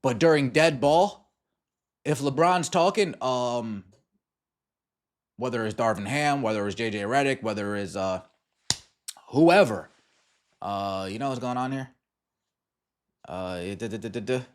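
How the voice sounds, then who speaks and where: A man's voice: medium pitch, unhurried, pauses often. A man hosting a sports podcast, ranting in exasperated commentary over game clips and firing off repeated rhetorical questions. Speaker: podcast host.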